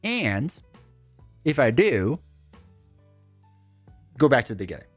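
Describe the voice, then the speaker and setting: A male streamer of average pitch talks casually through a live broadcast, reading chat messages and answering them in a loose, rambling way. His voice sounds dry and close to the mic. Faint music plays behind him. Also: big pitch swings, slow, breathy edge, no room sound. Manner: chatty, reads and answers chat, rambling asides.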